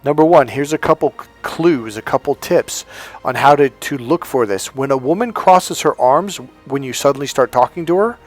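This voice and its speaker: A man's voice: mid-range voice, moderate pace, faint music behind. A man giving an emphatic coaching talk on dating, telling anecdotes and acting out the quotes. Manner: emphatic, storytelling, acts out quotes.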